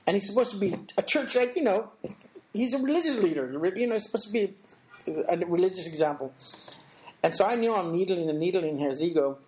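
A middle-aged man, an interview guest, telling a personal story in a thoughtful way, with halting restarts and little acted-out quotes. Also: sits high, animated, darkish tone.

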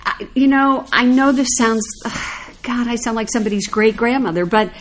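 A woman's voice: a little high, moderate pace. Older lady chatting, telling a story and doing everyone's lines. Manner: animated anecdotal storyteller, acts out quoted lines. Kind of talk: casual chat.

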